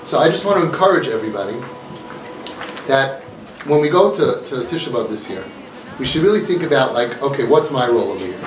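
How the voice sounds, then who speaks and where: A man's voice: mid-range voice, expressive, fairly quick, background noise. A man giving an impassioned talk to a live audience, mixing in Yiddish and Hebrew words. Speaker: speaker of a community organization. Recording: echoey room, mic from a distance.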